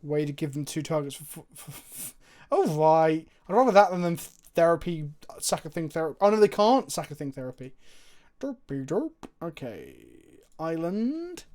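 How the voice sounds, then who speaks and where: On a live stream, an excitable man narrates his card game into a desk mic, thinking out loud and swearing freely. His voice sits on the high side at a moderate pace.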